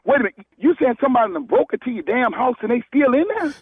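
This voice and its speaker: Man on the phone, high gravelly voice, tinny phone line, excitable and loud. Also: fast talker, no room sound. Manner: excitable, loud, repeating himself. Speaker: prank call target. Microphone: telephone.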